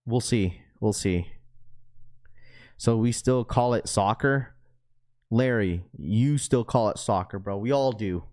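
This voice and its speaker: Slow and dotted with long pauses, this livestream host's voice is lowish with a darkish tone. He chats casually in slang, keeps calling people bro, reads out viewer comments, and laughs often while joking around loosely.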